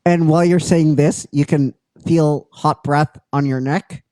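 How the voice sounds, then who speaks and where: Game master, tabletop game narration, brisk, calls for dice rolls, dry sound. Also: medium pitch, steady tone, mellow, no room sound, faint music behind.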